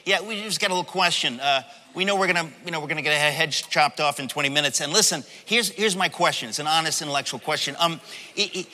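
A needling, falsely courteous grumbler , as a preacher puts him on, with his words rolling out into a big echoing hall. His voice is bright and edged, and a touch higher than the speaker's own. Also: quick pace. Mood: mock-polite. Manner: mock-polite, needling. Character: sarcastic complaining ancient Israelite man.

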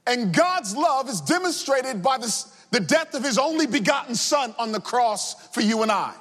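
A man preaching a sermon with impassioned delivery, sung cadences and shouted refrains. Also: extremely high pitch, animated, moderate pace. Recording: long hall reverb.

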